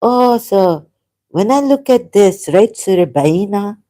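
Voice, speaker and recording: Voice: mid-range voice, animated, slow pace, warm tone. A speaker from Pakistan, telling a story in casual chat, rambling and interrupting themselves. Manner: rambling, self-interrupting, loses the thread.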